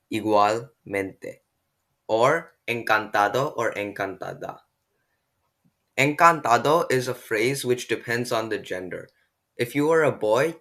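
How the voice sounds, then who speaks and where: A man giving a beginner language lesson, explaining step by step and slowing down to model pronunciation. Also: medium pitch, a bit bright. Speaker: language tutor.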